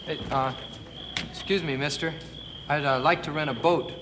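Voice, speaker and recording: An actor playing a harried, exasperated colonial lookout who pleads and complains in a 1960s TV comedy sketch. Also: male voice, a little high, fairly even intonation, normal speed, natural voice. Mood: pleading. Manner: exasperated, pleading comic delivery. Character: harried young male colonial lookout and messenger. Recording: noisy 1960s broadcast audio.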